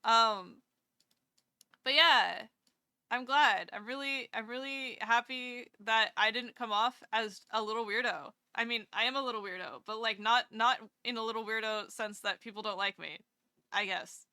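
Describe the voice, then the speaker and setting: A woman's voice: fairly high pitch, moderate pace, sharp tone, clean tone, no echo, clean studio sound. A woman VTuber streamer chatting casually with her viewers live, rambling and self-deprecating, gushing over kind messages.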